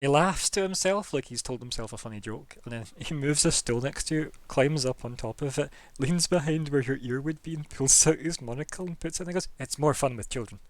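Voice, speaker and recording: A man's voice: on the high side, brisk, hardly any pauses, no echo. Rambling man running a tabletop game. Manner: rambling, filler-heavy, laughing. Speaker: game master.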